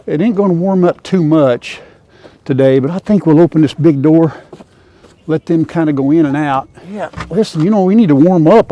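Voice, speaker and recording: A man's voice: fairly high pitch, mellow, no room sound. An older man hosting a farm vlog outdoors by a chicken coop, chatting in a folksy way and talking to his chickens. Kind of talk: casual farm vlog chat. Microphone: lapel mic.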